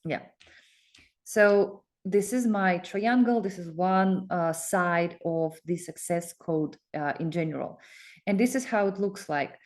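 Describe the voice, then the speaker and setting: Excited rambling woman coach. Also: lowish voice, takes it slowly. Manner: excited, rambling, with many fillers and restarts. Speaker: coach promoting a focus group. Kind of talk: casual self-promotional talk with screen share.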